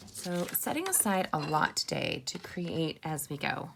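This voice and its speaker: Chatty woman, gravelly low voice. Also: animated, normal speed, a bit bright, a little hiss or hum. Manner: chatty, upbeat, addresses viewers as "you guys" and "sisters". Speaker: card-making instructor. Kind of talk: casual crafting tutorial.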